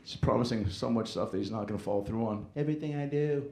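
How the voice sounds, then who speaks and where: A man's voice: on the low side, level tone, fast, vocal fry, reverberant. A man doing stand-up crowd work, teasing an audience member in profane, incredulous language. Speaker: stand-up comedian. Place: comedy club stage.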